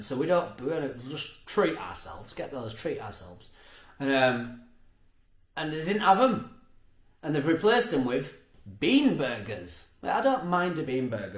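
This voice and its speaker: A man's voice: mid-range voice, reverberant. A man telling everyday stories in a rambling casual monologue, swearing, laughing often and asking "you know what I mean". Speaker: podcast host.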